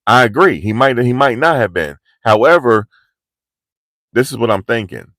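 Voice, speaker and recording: A man's voice: mid-range voice, animated, moderate pace, fairly bright tone, no echo. A man giving live, slangy street commentary outdoors in cold, rainy weather, pushing his energy up as he talks. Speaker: vlogger.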